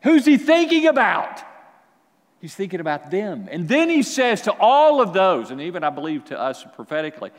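A man preaching a sermon as pastor, with animated delivery that swings from quiet to loud. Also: a little high, a little fast, hardly any pauses, in a large hall.

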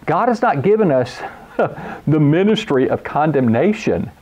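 A pastor preaches earnestly, quoting scripture and driving his points home with emphatic, repeated phrases. His fairly high, sing-song voice keeps a measured pace and has a darkish tone, captured on a lo-fi recording.

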